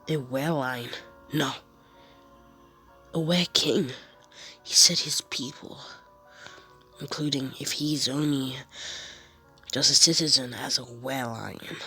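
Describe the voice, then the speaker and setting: A woman's voice: a bass voice, bright, forceful tone, full character voice. Deku, a woman voicing a brooding werewolf boy. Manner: murmured brooding inner monologue, half-whispered. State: congested from a cold. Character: brooding teen boy werewolf, cold and hungry.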